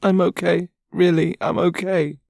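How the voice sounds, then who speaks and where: A man's voice: a little high, fairly even intonation, unhurried, gravelly, warm tone, no room sound, studio quality, pitched above the performer's own voice. A man voicing a weepy young mother, crying and gulping through her words. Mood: tearful. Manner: gulping, sobbing, overwhelmed.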